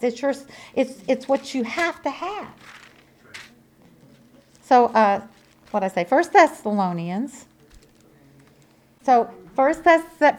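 Preaching in a high voice, this woman drives her points home through emphasis and repetition. Her volume rises and falls dramatically, and she chats with the congregation in a homespun, folksy way.

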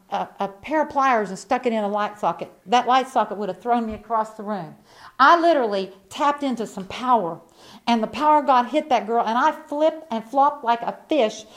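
A woman delivers a sermon in a fairly high, lively voice that climbs and dips all over. She tells her story folksy and plain, jumping from loud emphatic bursts to hushed asides. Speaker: preacher.

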